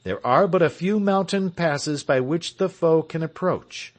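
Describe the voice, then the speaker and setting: A man's voice: on the high side, measured pace, pitched above the performer's own voice, close to an everyday voice. A man reading the part of William Tell, a resolute heroic marksman, in a stirring, declamatory way for an audiobook. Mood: rousing.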